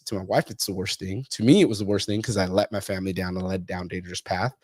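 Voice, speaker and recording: A man in his thirties talks at a rapid clip, his low voice laid over a dry, close sound with no room to it. He tells stories in a blunt, animated way and swears freely as a podcast host. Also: no echo. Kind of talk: casual podcast chat.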